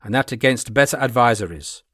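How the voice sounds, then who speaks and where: A bold, unflappable Highland piper who speaks with calm self-assurance, voiced by a man reading the story. His tone stays level and measured. The recording is dry and close-miked. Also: husky, no echo. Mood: boastful. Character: cool, confident Highland piper, a bold rival.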